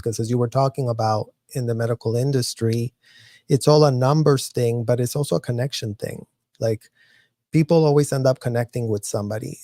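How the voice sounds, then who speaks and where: A man's voice: medium pitch, dark tone, no echo, studio quality. A male guest talking earnestly in a casual conversation.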